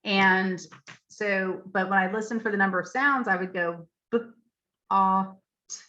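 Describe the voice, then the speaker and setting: A woman's voice: medium pitch, normal speed, pushed and bright, muffled recording. A woman leading a literacy training session for teachers, explaining spelling patterns and spelling out letters with frequent check-ins. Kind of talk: professional development talk.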